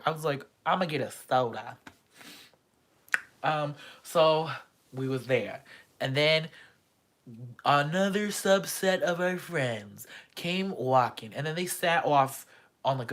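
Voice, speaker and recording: Young man telling a wild story. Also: a little high. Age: young adult. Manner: animated, profane storytelling; acts out quoted voices. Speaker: student abroad. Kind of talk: storytime vlog.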